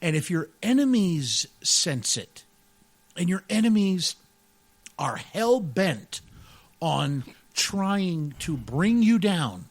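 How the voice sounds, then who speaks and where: A man co-hosting a casual radio talk show, excitable and jokey, laughing often and peppering his talk with "dude" and "man". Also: sits high, slow, dry recording. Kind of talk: casual podcast banter.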